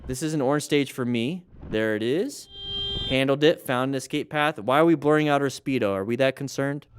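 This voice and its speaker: A middle-aged man commenting live on motorcycle crash videos as a riding instructor, lively and coaching, with jokey asides. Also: medium pitch, fairly quick, a little hiss or hum.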